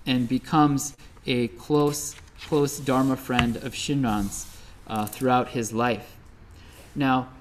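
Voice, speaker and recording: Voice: mid-range voice, a little hiss or hum. A Buddhist minister telling a teaching story in a conversational sermon, often checking in with "right?". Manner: conversational, lively, with frequent "right?" asides.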